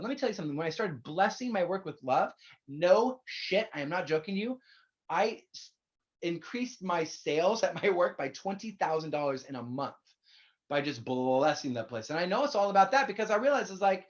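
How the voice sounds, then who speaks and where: Blunt, chatty minister preaching; plain middle pitch, muffled low-fi recording. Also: big pitch swings, moderate pace. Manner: candid, blunt, swears casually; conversational, addresses listeners directly. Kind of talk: sermon.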